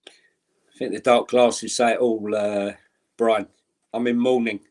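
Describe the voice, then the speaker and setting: A man's voice: fairly low pitch, flat delivery, slow pace, darkish tone. A man co-hosting a fan podcast, bluntly ranting and reeling off statistics. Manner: blunt and exasperated, ranting through stats. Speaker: podcast co-host. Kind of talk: casual fan podcast chat.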